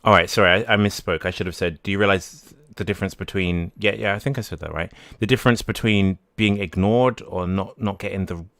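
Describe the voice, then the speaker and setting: A man hosting a live-streamed podcast, reading out viewer messages and talking through them off the cuff. His voice sits low and sounds smooth and clean. It is recorded close and dry, and he often trails off, restarts and corrects himself. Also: steady tone, fairly quick, few pauses, a bit bright, no echo. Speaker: livestream podcast host.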